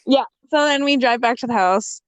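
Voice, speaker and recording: Her high, smooth voice moves at a normal speed with no room sound as this young woman, a guest on a casual podcast, shares her story. Frank, funny and lively, she swears freely and voices the quoted dialogue.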